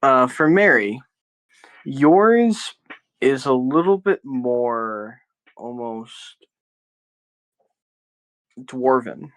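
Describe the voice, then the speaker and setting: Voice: medium pitch, expressive, extremely slow, long pauses, low-quality recording. A game master narrating a tabletop game in a casual way, with loose phrasing and lots of fillers.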